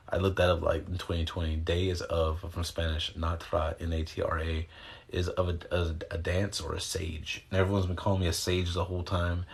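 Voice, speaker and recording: A man with a low voice talks to his viewers in a loose, wandering way, full of slang and the odd curse word. He answers chat questions and talks them through breathing exercises, recorded on a phone. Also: creaky. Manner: rambling, loose and slangy, with mild swearing. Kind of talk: casual livestream chat and guided breathing instruction.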